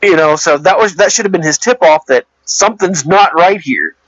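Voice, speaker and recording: A man's voice: sits high, moderate pace, a bit bright, no room sound. A man casually talking about a movie, rambling and hesitant, with many restarts and fillers. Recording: dull lo-fi dry recording.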